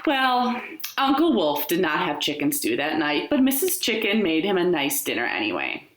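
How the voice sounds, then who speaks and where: A woman, a children's librarian, reading a picture book aloud to young children in a slow, gentle, expressive way. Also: lowish voice. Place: home living room. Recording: echoey room.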